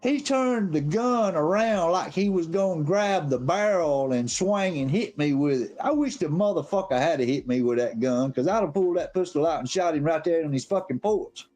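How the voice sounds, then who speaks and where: A high-voiced man with a drawl spins a rambling yarn full of profanity. His delivery is animated and casual, with faint music playing behind him. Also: normal speed, few pauses. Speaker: guest on a live stream. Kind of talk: casual storytelling.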